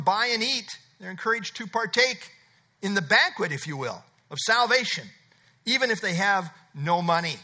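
A man's voice: high-pitched, bright, forceful tone. A middle-aged man preaching an expository sermon, emphatic and conversational, repeating his key phrases. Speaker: pastor.

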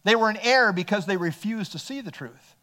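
Reading verses aloud and then unpacking them, a male pastor gives an earnest expository sermon. His voice sits high for a man, with pitch that rises and falls freely. He is animated and a little fast, with a sharp tone.

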